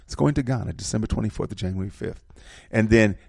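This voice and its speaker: A man's voice: fairly low pitch, quick pace, vocal fry, a little mellow, husky, dry recording, studio quality. A middle-aged man hosting a community show, reading program listings and sponsor announcements in an emphatic, repetitive manner. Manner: preacherly, emphatic, repeats key details. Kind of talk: radio-style community announcements.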